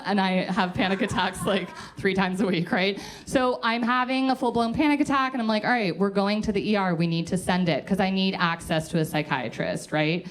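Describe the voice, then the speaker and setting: A young adult woman telling a comic personal story to a live audience, self-mocking and animated, slipping into quoted voices and laughing as she goes. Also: mid-range voice, normal speed. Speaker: comedian telling a story on stage.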